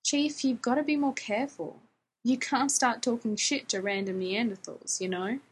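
A woman voicing a patient, blunt grown man, a police officer, asking short direct questions in a husky voice. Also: fairly high pitch, fairly even intonation, normal speed, rough recording.

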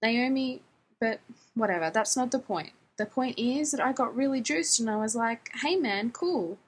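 A woman voicing an embarrassed, excitable young man who rambles on with lots of "like" and "man", in a husky voice. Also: on the high side, normal speed, low-quality recording. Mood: rambling. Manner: rambling, breathless, full of "like" and "man".

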